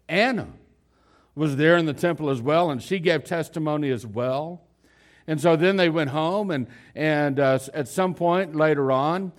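A man preaching a sermon, retelling a story in a conversational way with fillers and restarts, moving between loud emphasis and quiet low lines.

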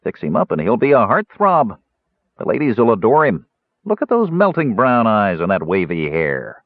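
A man voicing a smooth, persuasive human dealer who sells prisoners with salesman patter. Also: on the low side, wildly swooping pitch, moderate pace, no echo. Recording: narrow tinny phone-like audio.

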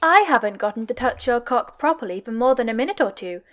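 A sly young man who teases with a pouty, mock-sweet edge, read by a woman. His voice sits fairly high and playful. The tone is cheerful but quietly cruel, as in a spoken fanfiction recording. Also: expressive, quick pace, lightly acted. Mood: teasing. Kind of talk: podfic dialogue reading.

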